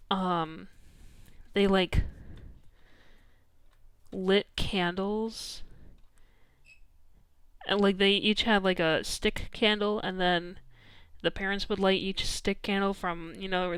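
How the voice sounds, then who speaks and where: A woman's voice: mid-range voice, fairly bright tone, smooth, no echo, clean studio sound. A young adult woman streamer telling a story in casual chat, full of "like" and "um" and frequent laughter. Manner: chatty, peppered with "like" and "um", laughing often.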